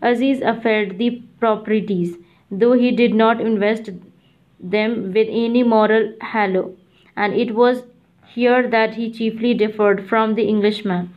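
A woman narrating a novel in a measured, even reading. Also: a little high. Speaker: audiobook narrator. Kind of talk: scripted narration. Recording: dull lo-fi audiobook recording.

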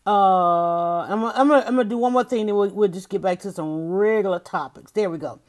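A woman giving a casual opinion monologue, emphatic and animated, speaking directly to her listeners. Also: medium pitch, fairly quick.

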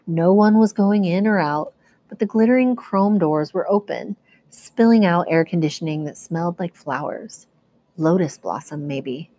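A woman teacher reading a novel aloud to students, telling the first-person story at a steady pace. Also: on the low side, moderate pace.

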